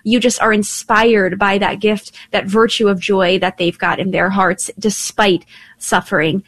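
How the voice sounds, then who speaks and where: A woman's voice: mid-range voice, steady tone, unhurried, fairly bright tone, no room sound. A woman hosting a call-in radio talk show, upbeat and chatty as she invites listeners to call in.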